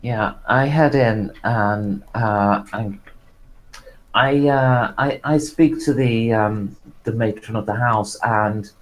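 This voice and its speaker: A man playing a tabletop role-playing game, describing his character's actions in a halting, hesitant way. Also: fairly low pitch, low-quality recording. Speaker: player.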